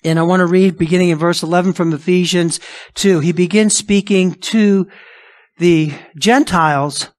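A man's voice: high voice, steady tone, normal speed. A male pastor preaching a sermon emphatically, asking rhetorical questions and acting out imagined objections. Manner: acts out imagined objections in a raised voice.

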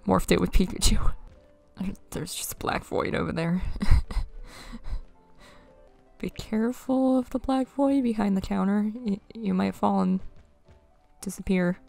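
Wry young woman with vocal fry. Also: mid-range voice, a little mellow. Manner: chatty, wry running reactions to the game. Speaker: let's play gamer. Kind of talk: casual gameplay commentary.

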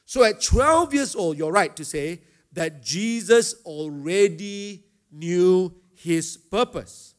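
Middle-aged pastor, slightly raised pitch, gives a youth chapel lesson with lots of "uh" pauses. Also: male voice, expressive. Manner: talks to a live student audience, asks them questions; frequent hesitation fillers. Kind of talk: teaching a youth chapel talk.

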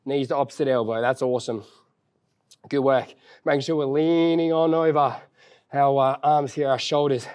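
Leading a follow-along workout, this young fitness trainer exercises and runs out of breath while counting down reps. He's upbeat and encouraging with casual banter, his mid-range, slightly mellow voice fairly even in intonation and moderate in pace.

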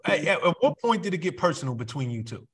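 A fairly high, husky male interviewer with a lively, swinging pitch. He asks questions in a relaxed, conversational way and often restarts his words. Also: fast. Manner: leading questions, hesitant restarts. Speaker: interview host. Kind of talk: casual interview.

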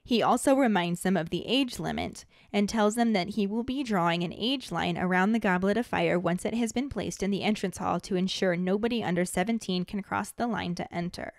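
Woman, podcast host, scripted recap narration, steady delivery, dry close mic. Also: medium pitch, a little fast, few pauses, no echo. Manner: steady, even storytelling recap.

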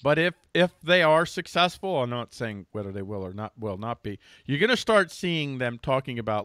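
A man with a bright, forceful voice hosting a political commentary chat. He is agreeable and energetic, often pushing ahead in a hurry. The recording is dry and close. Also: mid-range voice, moderate pace, few pauses, dry recording. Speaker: show host.

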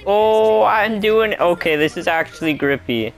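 A gaming channel host giving live gameplay commentary, talking to themself and the game and exclaiming loudly at every crash. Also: medium pitch, takes it slowly, creaky, few pauses, faint music behind. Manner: excitable, yelps and exclaims at crashes; talks to self and to the game.

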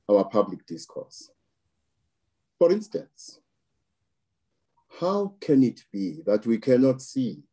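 A man from South Africa giving political commentary in an interview, slow and deliberate, weighing his words with occasional restarts. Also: on the low side, mellow, slightly rough, rough recording. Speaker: political analyst.

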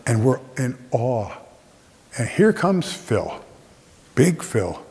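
A man's voice: medium pitch, takes it slowly. A man telling a humorous personal story on a theater stage, acting out the voices of the people in it. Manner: animated, acts out other people's voices. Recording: long theater reverb.

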